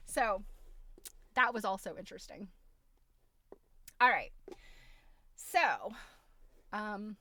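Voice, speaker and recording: Casting note: middle-aged woman host, bright tone, dry close sound, chatty and laughing. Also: medium pitch, lively intonation, extremely slow, pauses often, no echo. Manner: chatty, laughs often, storytelling with quoted asides. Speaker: livestream host. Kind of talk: casual chat to a live audience.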